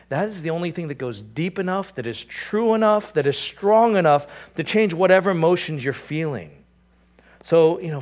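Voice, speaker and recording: A man preaching from the pulpit as pastor. He drops low and quiet when reading scripture, then lifts his voice for emphatic points. He repeats himself as he works toward a point and keeps asking the room rhetorical questions. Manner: repeats and restarts phrases, asks the congregation rhetorical questions. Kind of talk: sermon.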